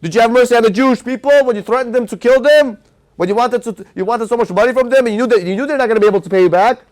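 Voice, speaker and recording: Angry storybook townsfolk, voiced by a man hurl accusations at a cruel king in a raised, high voice. The questions come fast and sharp. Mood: accusing. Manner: accusing, scolding.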